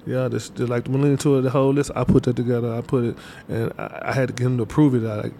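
Fast-talking man with a mellow voice. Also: mid-range voice, little pitch movement, vocal fry, a little hiss or hum. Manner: loose, repetitive street slang with many fillers. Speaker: interview guest, artist manager. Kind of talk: casual interview chat.

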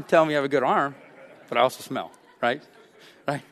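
A man's voice: mid-range voice, brisk, a bit bright, big-room sound. A man preaching a sermon in a casual, conversational way, often checking in with his listeners. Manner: conversational preaching with frequent "right?" asides. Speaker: pastor.

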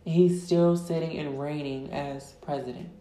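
A woman podcast host, ranting loudly and emphatically, full of profanity, with words drawn out for stress. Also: deep voice, steady tone, normal speed. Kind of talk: profane casual rant. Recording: echoey room.

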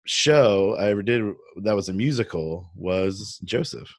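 A man's voice: fairly low pitch, expressive, unhurried. A man hosting a theater podcast, talking casually and playfully with a friend, often restarting his sentences. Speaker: podcast host. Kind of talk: casual chat.

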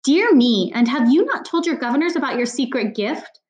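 A woman's voice: sits high, expressive, a little fast, darkish tone, muffled recording, pitched above the performer's own voice. A woman reading a storybook aloud, voicing a suave, sarcastic older man who mocks his rival with exaggerated politeness. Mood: mocking. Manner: silky and sarcastic, polite on the surface. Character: suave, mocking older man, a wily leader.

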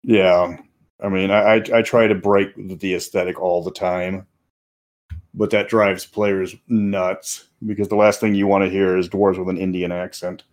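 A man with a low voice chats about running tabletop games, winding through stories and restarting his sentences as he goes. He sounds relaxed and conversational. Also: moderate pace. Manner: rambling storyteller with restarts. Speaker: game master. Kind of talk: casual podcast chat.

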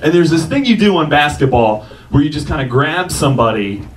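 A man's voice: on the high side, big pitch swings, fairly quick. A man telling a self-mocking personal story on stage, often laughing through his lines. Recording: distant mic with noise.

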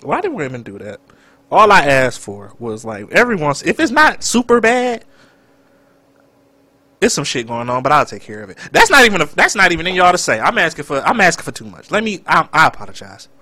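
Animated young man with a bright voice. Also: fairly high pitch, fairly quick, no echo. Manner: animated, dramatic outbursts. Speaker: podcast co-host. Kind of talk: casual chat.

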